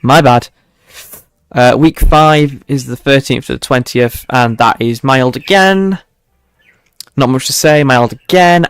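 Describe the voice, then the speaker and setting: A man's voice: mid-range voice, a bit bright, smooth, no room sound. A young man hosting a casual livestream weather forecast, chatty and self-mocking, chuckling often as he talks to his viewers.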